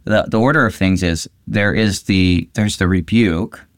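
Low-voiced pastor talking scripture. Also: male voice, unhurried, no echo, clean studio sound. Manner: animated, acts out quotes with lifted voice. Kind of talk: conversational Bible discussion.

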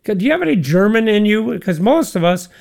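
A man's voice: sits high, very animated, brisk, vocal fry, darkish tone. A man co-hosting a casual religious talk show, chatting in a folksy, joking way and laughing easily. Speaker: podcast co-host. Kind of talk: casual chat.

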